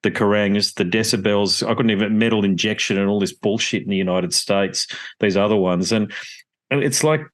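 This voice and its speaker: A man's voice: lowish voice, moderate pace. A man hosting a podcast interview, rambling and opinionated, with casual swearing. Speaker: podcast host.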